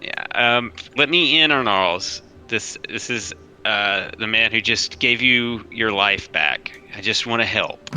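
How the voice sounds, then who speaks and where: Male player, bright sharp tone, friendly coaxing delivery with restarts. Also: on the low side, slow, hardly any pauses, low-quality recording. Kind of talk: playing a tabletop game.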